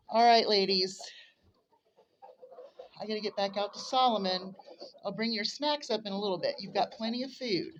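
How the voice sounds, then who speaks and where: A woman's voice: medium pitch, fairly bright tone, no room sound, dull audio. A woman filming her homestead in a snowstorm talks casually to the camera in a mid-range voice. She coos at her animals and sounds a little winded as the wind hits her. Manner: chatty, coos affectionately at animals. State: out of breath from wind. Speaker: homesteading vlogger. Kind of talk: casual vlog chat to camera. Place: outdoors in a windy snowstorm and in a coop. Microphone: handheld camera.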